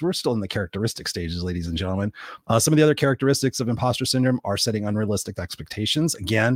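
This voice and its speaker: A man's voice: fairly low pitch, dry recording, clean studio sound. A man hosting his own show, giving an unscripted motivational talk, blunt and swearing often, acting out the people he quotes. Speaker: podcast host. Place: Los Angeles.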